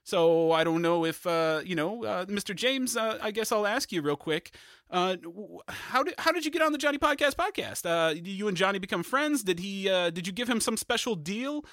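A man producing and hosting a comedy podcast, rambling with lots of fillers, nervous and quick to apologize. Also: high-pitched, lively intonation, fairly bright tone, no room sound, clean studio sound. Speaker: podcast producer and stand-in host.

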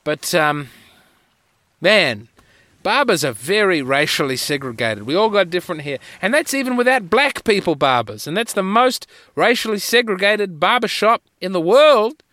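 A man's voice: high voice, very animated, normal speed, pushed and bright, dry recording. A man hosting a podcast, telling rambling, wry, self-mocking stories in a solo monologue on a close mic. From Australia. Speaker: podcast host.

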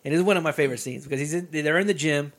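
A man's voice: on the high side, very fast. A man hosting a casual chat, animatedly recapping a movie's scenes with laughter.

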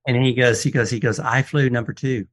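A man's voice: medium pitch, a little fast. A man who appraises watches, telling stories as a guest on a casual radio show, acting out the people in them as he goes. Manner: animated storyteller, quotes people in dialogue, frequent restarts.

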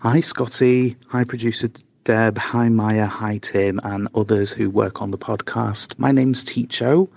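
A man's voice: on the low side, steady tone, unhurried, vocal fry, few pauses, a little hiss or hum. A man leaving an earnest, reflective voice message for a podcast. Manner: earnest and reflective, with small restarts. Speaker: caller leaving a voice note. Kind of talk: heartfelt voice message.

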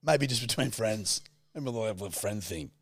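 A man's voice: fairly low pitch, animated, a little fast, no echo, clean studio sound. A young Australian man co-hosting a casual comedy podcast, cheeky and crude in his teasing banter. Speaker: podcast co-host.

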